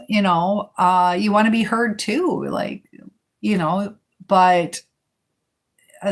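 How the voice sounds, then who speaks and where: A woman hosting a casual live stream, talking in a rambling way with many fillers while she answers viewer comments. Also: medium pitch.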